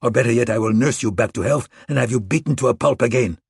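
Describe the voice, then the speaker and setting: A man's voice: mid-range voice, fast, gravelly, breathy edge, no room sound, studio quality. A man narrating an audiobook, voicing a volatile, menacing middle-aged male intelligence general who threatens and hisses. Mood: threatening. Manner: threatening, shouting and hissing.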